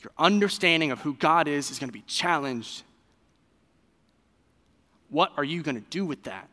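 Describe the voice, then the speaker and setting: A man preaching a sermon in a loose, conversational way, full of fillers and quick restarts. His voice is fairly high, bright and forceful. A long reverb trails his words. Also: lively intonation. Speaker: pastor.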